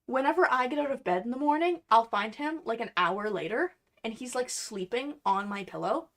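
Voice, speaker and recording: A woman's voice: fairly high pitch, animated, a little fast, a bit bright. A young woman chatting casually on a livestream while she crafts at home, playful and self-deprecating. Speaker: cosplay streamer.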